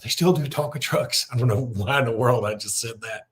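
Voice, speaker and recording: A man's voice: mid-range voice, brisk. A middle-aged man, hosting a sports podcast in a chatty, rambling way with lots of fillers. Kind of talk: casual podcast talk with a read ad.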